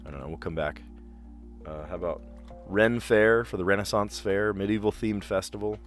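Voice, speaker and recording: A man's voice: lowish voice, fairly even intonation, moderate pace, faint music behind. A man casually thinking aloud as he reads puzzle clues and works through answers, with frequent restarts. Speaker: streamer playing word puzzles.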